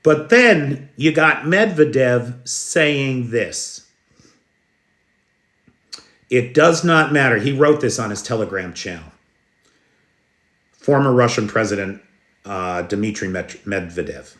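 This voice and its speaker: An American man hosts a live news stream and answers his chat as he goes. He talks slowly and deliberately in a mid-range voice. His tone is blunt and sarcastic, and he swears now and then. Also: mid-range voice, expressive, fairly bright tone. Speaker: livestream news host. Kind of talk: unscripted live news commentary.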